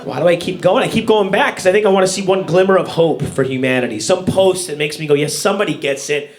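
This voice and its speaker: A man performing a stand-up set on stage, ranting in a deadpan way and slipping into put-on voices. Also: high-pitched, fast. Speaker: stand-up comedian. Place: comedy club stage with laughing audience. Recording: live room with crowd laughter.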